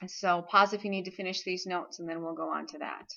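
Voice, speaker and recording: A woman's voice: lowish voice, steady tone, fairly quick, creaky, sharp tone, highs cut off, slight background noise. A woman teaching a recorded video lesson, explaining patiently and checking in with frequent "okay?". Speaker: Spanish teacher.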